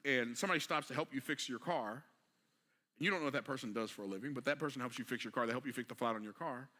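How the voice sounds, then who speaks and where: A man delivers a motivational sermon in a bright, forward voice. He keeps putting rhetorical questions to his listeners and talks in plain, everyday speech. He drops to a hush, then builds up to a forceful climax. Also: medium pitch, racing. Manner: rhetorical questions, swings between quiet and emphatic; casual vernacular delivery. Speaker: preacher.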